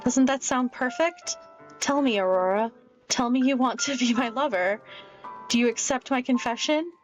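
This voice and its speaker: A woman's voice: fairly high pitch, normal speed, close to an everyday voice. A woman reading as an obsessive young girl in love. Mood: pleading obsessive. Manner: intense, breathless, pleading. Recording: dull lo-fi with faint music.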